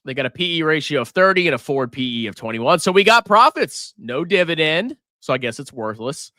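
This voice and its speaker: A man hosting a casual livestream about stocks, excitable, swearing freely and quick to laugh. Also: fairly high pitch, dry recording, clean studio sound. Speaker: finance livestream host.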